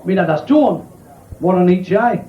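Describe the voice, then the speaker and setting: Cheeky high-voiced Yorkshire stand-up comic. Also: male voice, lively intonation, moderate pace, background noise. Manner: cheeky, crude, laughs at his own jokes. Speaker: stand-up comedian. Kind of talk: stand-up comedy routine. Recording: echoey, dull lo-fi club recording.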